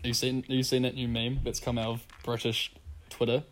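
A man's voice: medium pitch, completely flat delivery, moderate pace, background noise. A young New man hosting a podcast, chatting loosely and giggling as he goes. He swears freely and reads online comments aloud in a loose, joking way. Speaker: podcast host. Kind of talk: casual podcast chat.

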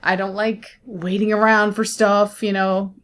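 A woman co-hosting a podcast in casual chat, talkative and animated and often laughing. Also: mid-range voice, a little slow. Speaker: podcast co-host.

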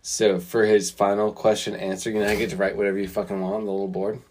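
A man's voice: on the low side, level tone, fast, darkish tone. A man co-hosting a casual podcast, blunt and stubborn, swearing as he argues and tells stories. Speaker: podcast co-host. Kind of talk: casual chat.

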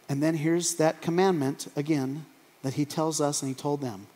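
Pastor, male, joking storyteller sermon, voice on the high side, long hall reverb. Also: moderate pace. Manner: humorous, animated storytelling. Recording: echoey hall.

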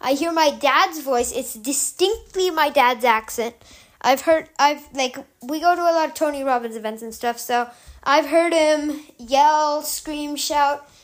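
A young woman podcast host telling a story in a calm, chatty way, loose with fillers. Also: high-pitched, a little slow. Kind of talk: casual storytelling.

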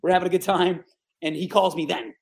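A man in his forties from the Capital Region of New York, a guest telling stories in a casual, animated interview. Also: high-pitched, brisk. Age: 40s. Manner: animated, lively storyteller who acts out the people he quotes.

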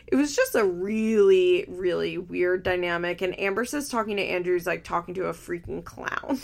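Opinionated woman with vocal fry. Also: fairly low pitch, normal speed. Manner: blunt, opinionated, heavy use of "like" fillers. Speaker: podcast host recapping a reality show. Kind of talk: casual chat.

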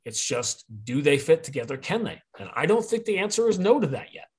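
A man's voice: on the high side, big pitch swings, brisk, breathy edge. A man talking as a podcast guest, rambling and opinionated, often correcting himself mid-sentence. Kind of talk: casual podcast conversation.

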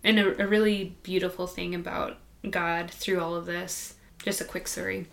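A woman guest on a podcast, telling a personal faith story in a soft, halting, conversational way. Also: on the low side, little pitch movement, creaky. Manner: soft-spoken and halting, with many restarts.

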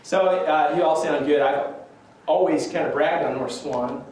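Pastor preaching in an echoey church. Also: male voice, a little high, a little slow, a little mellow, slight background noise. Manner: conversational, self-deprecating with chuckles. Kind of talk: sermon. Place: church sanctuary. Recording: echoey church room from a distance.

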